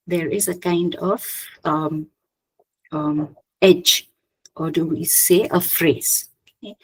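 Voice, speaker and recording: A woman giving an academic slide presentation, hesitant, often pausing with "okay" and restarting her phrases. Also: on the low side, vocal fry, darkish tone, husky, low-quality recording. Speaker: conference presenter.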